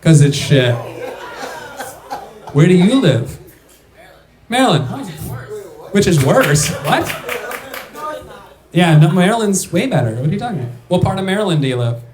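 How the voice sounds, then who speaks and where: A man's voice: high voice, big pitch swings, normal speed, pauses often, a little mellow. Young male comedian, loose chatty crowd work, reverberant room. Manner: loose, chatty, laughing through punchlines. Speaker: stand-up comedian. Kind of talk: stand-up set with crowd work. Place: comedy club stage.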